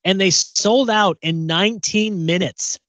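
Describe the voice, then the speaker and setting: A man's voice: sits high, unhurried, fairly bright tone, dry recording. Chatty man co-hosting a podcast. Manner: chatty, repeats words while thinking. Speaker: podcast co-host. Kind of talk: casual chat.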